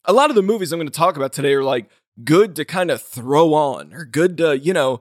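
A man hosts a casual film podcast, his voice sitting fairly high for a man. He rambles through his thoughts with restarts and easy laughs, recorded close and dry with no room sound. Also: animated, fairly quick, no echo. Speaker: podcast host.

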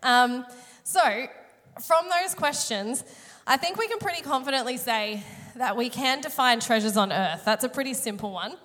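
A woman's voice: on the high side, animated, normal speed, fairly bright tone. A woman, preaching a sermon through a chatty, self-mocking personal story, her voice a little strained today. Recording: long hall reverb.

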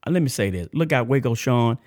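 A man hosting a faith podcast, mixing lively shout-outs with preacher-style reading of a testimony. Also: mid-range voice, quick pace, no room sound, studio quality. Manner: animated, emotional, shout-outs and laughs; preacher-like cadence. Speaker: podcast host. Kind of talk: casual preaching and reading a letter.

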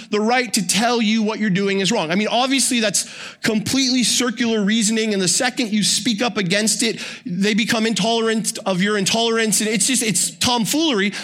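A pastor preaches in a bright, forceful voice that sits high for a man. He keeps it conversational, with joking asides. A sermon delivered like a friendly talk. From Canada.

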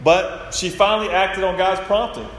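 A man's voice: high voice, fairly even intonation, moderate pace, fairly bright tone. A man preaching a sermon, retelling stories and acting out the quoted lines. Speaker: pastor. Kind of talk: sermon with storytelling. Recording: echoey hall with faint noise.

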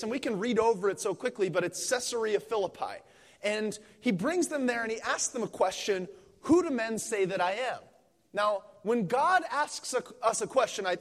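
A young man from Pennsylvania preaching a sermon in a church, telling stories in a lively, joking way with frequent restarts. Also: sits high. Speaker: guest preacher. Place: church sanctuary. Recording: long reverb of a church hall.

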